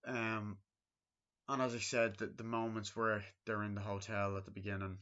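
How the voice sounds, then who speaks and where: A man's voice: fairly low pitch, flat delivery, moderate pace, a bit bright. A man casually reviewing a movie, rambling and packing his talk with fillers like "um" and "you know". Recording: dull lo-fi recording.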